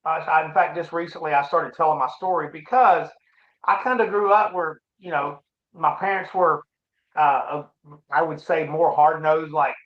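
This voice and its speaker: A middle-aged man as an interview guest, telling his personal story in a halting, reflective, earnest way. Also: a little high. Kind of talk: casual conversation, personal story. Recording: roomy, dull lo-fi sound.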